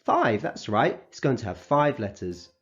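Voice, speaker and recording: A man teaching a recorded phonics lesson to young children, sounding out letters slowly and clearly and praising them as they go. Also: medium pitch, huge pitch swings, dull audio, faint music behind. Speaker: primary school teacher.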